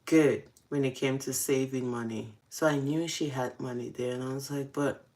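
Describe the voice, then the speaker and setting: A woman's voice: a bass voice, fairly even intonation, normal speed, darkish tone. A young adult woman casually telling confessional stories, often breaking into laughter. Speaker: host. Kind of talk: casual storytelling.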